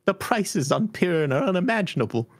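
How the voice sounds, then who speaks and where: A man voicing a frantic, weepy male servant with a clay-like head, high-pitched and overwrought in a tabletop game. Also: sing-song, brisk, no echo, clean studio sound, full character voice. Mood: distraught.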